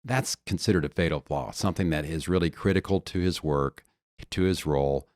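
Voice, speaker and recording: A man's voice: a bass voice, fairly quick, a little mellow, dry recording, studio quality. A man coaching on leadership in a podcast conversation, earnest and explaining through stories and analogies.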